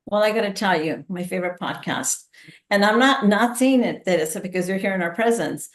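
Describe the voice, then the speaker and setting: A woman's voice: medium pitch, animated, fairly quick. A woman panelist speaking in a friendly, reflective manner. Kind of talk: panel discussion. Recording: echoey room.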